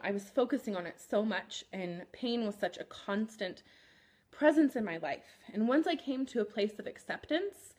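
A woman therapist in her thirties hosting a podcast, speaking gently and candidly about her own experience, with frequent pauses and "um" fillers. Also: mid-range voice, husky. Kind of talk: reflective personal talk.

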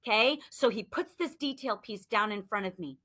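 A woman in her thirties coaching listeners on sales, telling a story in an animated, chatty way full of "like". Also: medium pitch, normal speed. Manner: animated, chatty, lots of "like" and acted-out quotes. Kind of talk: motivational storytelling talk.

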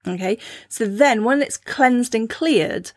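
A woman's voice: a little high, lively intonation, slow pace, dry recording. Chatty woman with a dry close sound. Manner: chatty, anecdotal, laughs often. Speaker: podcast host. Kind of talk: casual spiritual teaching talk.

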